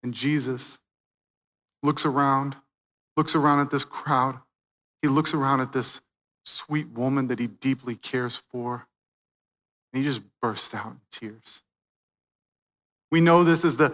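A man preaching a sermon, swinging from loud, emphatic peaks to quiet, hushed moments. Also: mid-range voice, big-room sound. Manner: dynamic preaching, swelling loud then dropping soft.

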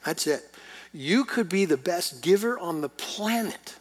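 A middle-aged male pastor preaching to his church in a fairly high voice. He moves from easy storytelling into emphatic, questioning preaching. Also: expressive, a little slow. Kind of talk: sermon.

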